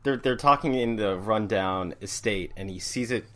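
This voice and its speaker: A man on a comic book podcast describing panels in a hesitant, halting way. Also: fairly low pitch, bright, forceful tone. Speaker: podcast co-host. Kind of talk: casual comic book discussion.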